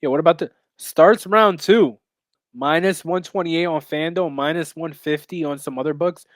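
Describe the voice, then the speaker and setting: A brash man with a fairly high voice rambles through a casual podcast chat about fight bets, full of fillers and profanity. His voice is recorded close and dry, with no room sound. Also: normal speed, dry recording. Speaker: podcast co-host and MMA bettor.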